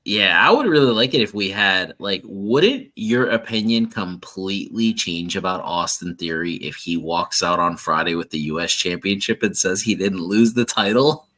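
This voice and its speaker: A male podcast co-host with a somewhat low but bright, forward voice. He chats casually and eagerly. His speech tumbles out quickly when he gets excited. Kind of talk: casual chat.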